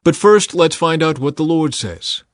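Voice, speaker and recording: A man's voice: a little high, expressive, measured pace, dry recording, studio quality, pitched above the performer's own voice. A man voicing an agreeable, pious ancient king with an earnest manner in a scripture reading.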